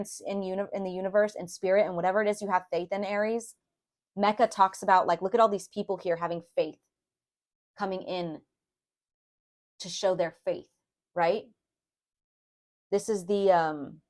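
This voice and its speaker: A woman's voice: on the low side, steady tone, moderate pace, pauses often. Chatty young woman reading tarot. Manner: chatty, addresses viewers as "you guys", many fillers. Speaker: tarot reader. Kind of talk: casual tarot reading to camera.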